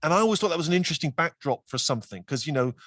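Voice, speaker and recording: A man's voice: fairly high pitch, animated, racing, a bit bright, dry recording, studio quality. A man with a West Country English accent, a guest telling stories in casual chat, wry and self-deprecating. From West Country, England.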